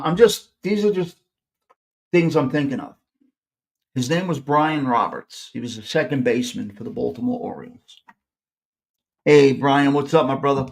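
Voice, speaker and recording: A middle-aged man with a New York accent, hosting a live podcast and telling rambling stories with many restarts. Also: on the high side. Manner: rambling, self-interrupting, animated storyteller. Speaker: podcast host. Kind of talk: casual storytelling on a live podcast.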